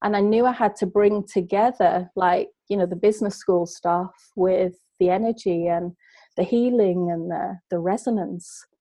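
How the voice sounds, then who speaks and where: A woman's voice: mid-range voice, normal speed, mellow, no echo. A middle-aged woman, a guest who tells a personal story in an earnest, heartfelt way. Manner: earnest, heartfelt, emotional retelling. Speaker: guest, business coach.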